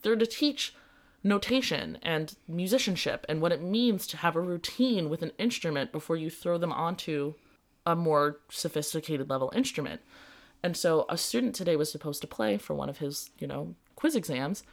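Young woman host for a chatty podcast, earnest and quick to laugh, lowish voice. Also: creaky. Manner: earnest, storytelling, laughs easily. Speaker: podcast host and music teacher. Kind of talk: casual podcast chat.

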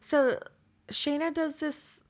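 A woman's voice: high-pitched, steady tone, takes it slowly. A woman co-hosting a podcast in casual chat, laughing often as she talks. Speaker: podcast co-host.

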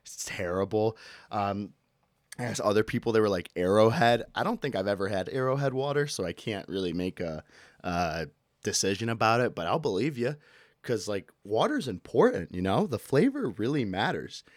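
This podcast host's voice sits on the low side, captured cleanly in a studio with no room sound. Alone on the mic, he rants and jokes about everyday irritations, animated and ready to yell out a bit.

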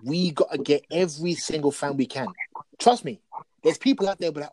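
Casual podcast co-host, man, animated storyteller, fairly high voice. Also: fairly quick, no echo, rough recording. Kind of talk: casual wrestling chat.

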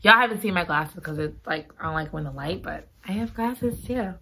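A woman chatting casually about a romance novel, dramatic and gushing. Her bright voice swings widely from highs to lows. She reacts big to every twist. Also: expressive, moderate pace, a little hiss or hum. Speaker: book reviewer. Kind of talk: casual chat.

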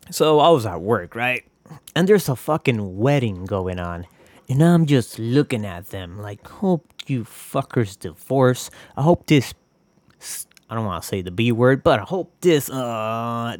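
A man's voice: mid-range voice, no echo. A young man hosting a podcast, talking in a casual, confessional ramble full of swearing and self-mocking jokes. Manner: profane, joking, rambling. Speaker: podcast host.

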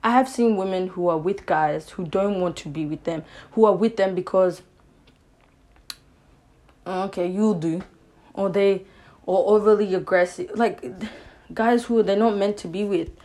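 A young woman hosts her own podcast and talks straight to her listeners about dating, firm and opinionated, often checking in with "you know what I'm saying". Her voice is mellow and warm rather than bright, and her chat is loose and animated. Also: medium pitch, normal speed. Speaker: podcast host. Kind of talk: casual relationship-advice monologue.

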